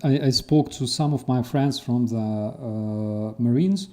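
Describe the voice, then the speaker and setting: A man hosting a casual interview, who tells stories in an animated way and acts out the people he quotes. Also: medium pitch, slow. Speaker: host.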